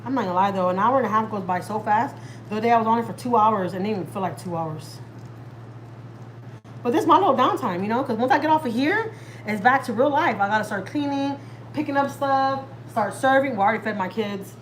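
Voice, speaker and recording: A woman's voice: a little high, animated, quick pace, slight background noise, poor audio. A woman, chatting casually and at length with viewers on a live stream from home. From Texas, USA. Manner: chatty and rambling, talks straight to viewers. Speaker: family vlogger hosting a live stream.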